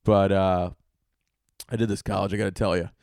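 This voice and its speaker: A young man hosting a solo podcast, telling rambling, profane comic stories with bursts of loud excitement. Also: sits low, moderate pace, creaky, clear, resonant tone, no echo, studio quality. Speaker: podcast host and stand-up comedian.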